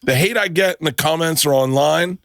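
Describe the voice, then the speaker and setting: A middle-aged man hosting a podcast, chatting casually and telling stories with lots of swearing and quick restarts. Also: fairly high pitch, creaky, fairly bright tone, no room sound, studio quality. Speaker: podcast host. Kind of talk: casual chat.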